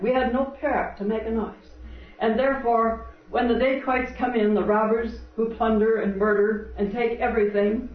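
A man voicing a calm, humble village husband in a sermon parable, speaking steadily. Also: sits high, natural voice. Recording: dull, roomy, distant old lecture tape.

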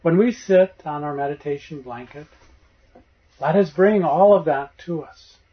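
A spiritual teacher with a fairly high voice gives an unhurried meditation talk, gently telling a parable and giving each character in it a voice of their own. The recording sounds dull and lo-fi.

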